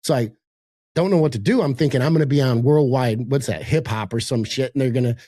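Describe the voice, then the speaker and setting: A man's voice: mid-range voice, fast, warm tone, no room sound. An older man talks through a video call from his office, telling a story in easy, profane podcast chat. He acts out the other people's lines and laughs through the tense parts. His voice sits mid-range and sounds dry and close. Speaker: podcast guest. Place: home office in a high-rise.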